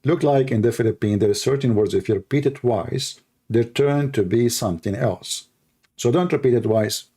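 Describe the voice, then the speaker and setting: Animated man acting out little dialogues. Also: moderate pace, breathy edge. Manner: animated, acts out dialogues in higher voices. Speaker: commentator. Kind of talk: casual talk to camera.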